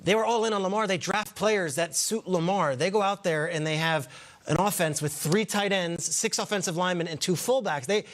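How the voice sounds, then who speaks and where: A man on a morning football panel speaks earnestly, stressing his points. His voice sits fairly high for a man. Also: a little fast, a bit bright. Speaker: co-host, football insider. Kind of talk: studio panel talk.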